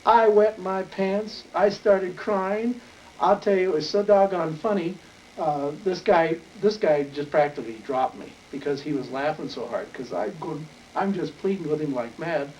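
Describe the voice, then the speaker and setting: A man's voice: on the high side, moderate pace, darkish tone. An older man from Wyoming telling a rambling, folksy story in an oral history interview. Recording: distant mic with faint noise.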